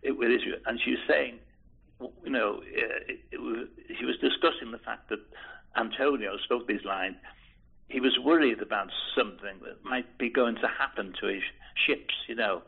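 An older man from Liverpool reminiscing in an interview, speaking in a halting, hesitant way with many restarts and repeated words. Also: medium pitch, creaky, slightly rough. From Liverpool, England. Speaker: oral history interviewee. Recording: tinny phone-like lo-fi recording.

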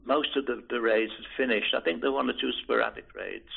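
A man in his eighties, from Liverpool, recalling his past in an oral history interview, hesitant and repeating words with soft chuckles. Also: mid-range voice, quick pace, creaky, breathy edge. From Liverpool, England. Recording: tinny phone-like recording.

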